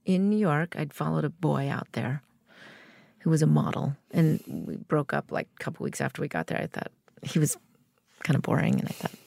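This interview guest, a middle-aged American woman, performs the voices of people in her long, animated story. Her low, creaky voice moves at normal speed, recorded in studio quality with no room sound.

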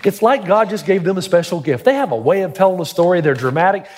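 A man's voice: high voice, expressive, quick pace, a little mellow. A middle-aged man preaching a sermon as pastor, telling stories with dramatic build-ups.

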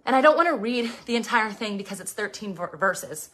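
A woman's voice: medium pitch, lively intonation, brisk, fairly bright tone. Breathless woman preaching on a bike. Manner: passionate, fervent, dips into whispers. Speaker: preacher and fitness host. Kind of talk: devotional preaching while riding an exercise bike.

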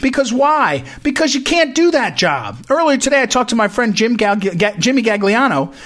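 A man's voice: very high-pitched, very animated, normal speed, a bit bright. A man hosting a talk show, delivering an emphatic political commentary monologue that repeats points and often restarts phrases. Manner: emphatic, repetitive, frequent restarts.

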